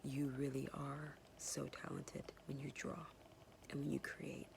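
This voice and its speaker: Gravelly whispering mother. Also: rumbling low, monotone, a little hiss or hum. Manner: soft and hesitant, many pauses and fillers; tender and apologetic. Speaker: mother speaking to her son. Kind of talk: whispered personal message.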